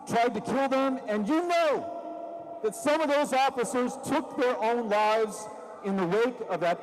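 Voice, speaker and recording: High-voiced man giving an impassioned rally speech. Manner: impassioned and sarcastic, building to loud emphasis. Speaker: rally speaker. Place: large rally venue with a crowd. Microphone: microphone at a stage. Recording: long reverb of a large venue.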